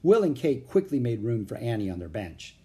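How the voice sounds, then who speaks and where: A man narrating a children's chapter book, expressive, doing all the character voices. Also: mid-range voice, brisk.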